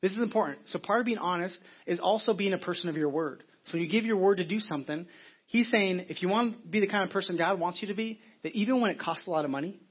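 A man's voice: high-pitched, fast talker, slightly rough, lo-fi sound. A middle-aged man, a pastor, preaching an earnest, conversational sermon with frequent restarts.

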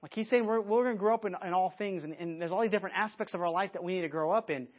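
A man preaching a conversational sermon to a church audience, lively and often restarting his sentences. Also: high voice, rapid-fire. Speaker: pastor. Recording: dull lo-fi sermon recording.

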